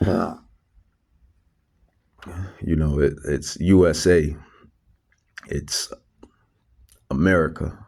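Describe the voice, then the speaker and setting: A man's voice: rumbling low, fairly even intonation, very slow, creaky, long pauses, darkish tone. A man preaching a religious lesson, repeating words with many restarts and fillers, stressing scripture quotes. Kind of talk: religious teaching monologue.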